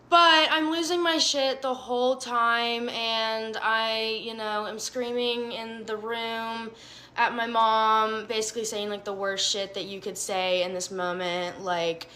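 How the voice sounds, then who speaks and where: Young woman, storytime monologue, bright tense voice, swearing, lively, self-mocking. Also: fairly high pitch, normal speed. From Alabama. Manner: profane, animated, self-mocking.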